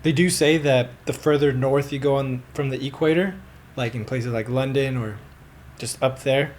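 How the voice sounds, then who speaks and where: Male podcast host, mid-pitched voice, relaxed casual chat, curious questions. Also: normal speed, slight background noise. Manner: easygoing, asks questions and shares opinions.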